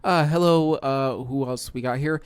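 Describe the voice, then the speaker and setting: A man's voice: medium pitch, normal speed, clean tone, no echo, studio quality. A man hosting a podcast, chatting casually and greeting each guest in turn. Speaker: podcast host. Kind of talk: casual hosted chat.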